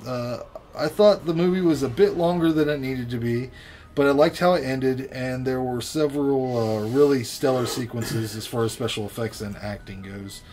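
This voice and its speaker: A man co-hosts a casual podcast and reviews a film bluntly. He swears often and talks with plain, offhand energy. His voice is mid-pitched. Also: normal speed, a little mellow. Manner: blunt and profane. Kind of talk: casual chat.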